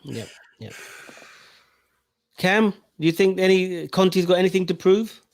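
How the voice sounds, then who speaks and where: Brief: male host, slightly high voice, chatty, dry close mic. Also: no room sound. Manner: chatty, quick to pass questions around. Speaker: host reading viewer comments. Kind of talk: casual podcast hosting.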